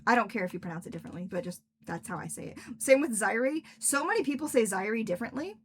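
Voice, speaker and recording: A woman's voice: a little high, animated, fast talker, a little hiss or hum. A young adult woman hosting a casual livestream as an author, chatting with a friend and filling her talk with "like". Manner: chatty, lots of filler "like". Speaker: author and stream host.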